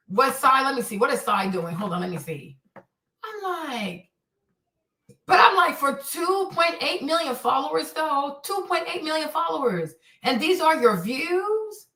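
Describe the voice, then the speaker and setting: Animated, profane woman ranting on stream. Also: high-pitched, normal speed, recorded from a distance. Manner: profane, exasperated, rambling. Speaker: streamer host. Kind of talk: casual livestream rant. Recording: echoey room, voice a bit off-mic.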